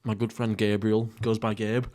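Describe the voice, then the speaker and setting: A young man from England hosting a casual solo podcast while eating, rambling through jokey, crude, deadpan stories. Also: lowish voice, normal speed. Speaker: podcast host. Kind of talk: casual solo mukbang chat.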